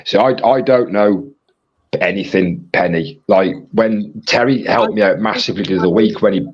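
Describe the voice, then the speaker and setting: Husky low-voiced man, lo-fi. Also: moderate pace. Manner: reads viewer comments aloud, rambling. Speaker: co-host reading chat. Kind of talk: casual live-stream chat.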